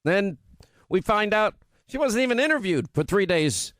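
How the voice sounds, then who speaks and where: A male talk radio host with a notably high voice, recorded dry and close. He delivers an opinionated monologue, mocking buzzwords by repeating them and firing off lists one after another. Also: very animated, fairly bright tone, no echo. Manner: mocking repetition of buzzwords, rapid-fire lists.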